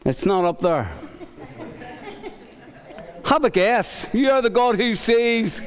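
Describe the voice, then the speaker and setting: A man with a high voice preaching a lively sermon, slipping into the voices of biblical figures. His voice rings out through a large church hall with a long tail of reverb. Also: takes it slowly. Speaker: pastor.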